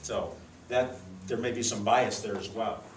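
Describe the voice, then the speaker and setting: A man leading a speech contest judges' training, teaching in a lively, demonstrative way with acted examples in a club meeting room. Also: lowish voice, unhurried, slight background noise. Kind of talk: workshop lesson. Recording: echoey room, mic far off.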